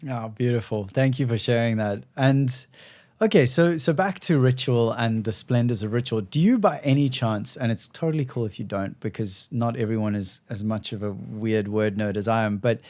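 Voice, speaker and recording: A man's voice: mid-range voice, normal speed, darkish tone. A man hosting a podcast, chatting casually in a playful, self-deprecating way, from South Africa. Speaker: podcast host. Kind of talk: casual conversation.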